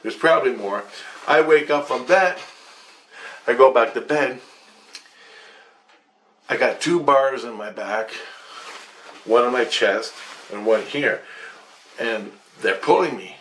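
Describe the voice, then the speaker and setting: A man's voice: mid-range voice, slow pace, pauses often, fairly bright tone, roomy sound, slight background noise. A man vlogging a rambling account of a dream, repeating himself, restarting sentences and swearing often. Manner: repetitive with restarts and frequent swearing.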